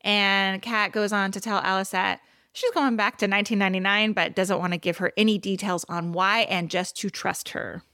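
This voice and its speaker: A woman's voice: medium pitch, fairly even intonation, moderate pace, bright, forceful tone, clean tone, no room sound, clean studio sound. A woman co-hosting a podcast, recapping a TV episode in casual chat with blunt, exasperated asides. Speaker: podcast co-host.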